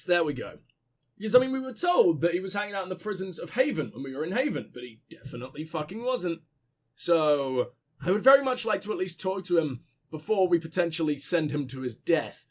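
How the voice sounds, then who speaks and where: High-voiced let's play guy, swears a ton, voice bouncing all over. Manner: swears freely, reacts aloud, thinks out loud. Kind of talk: casual gameplay commentary.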